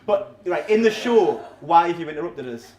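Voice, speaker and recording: A man in his thirties performs a rambling, self-deprecating, sweary stand-up set. His voice sits high and swings up and down a lot. He is heard in a small, echoey coffee-shop room. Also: lively intonation, moderate pace, darkish tone, highs cut off. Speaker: stand-up comedian.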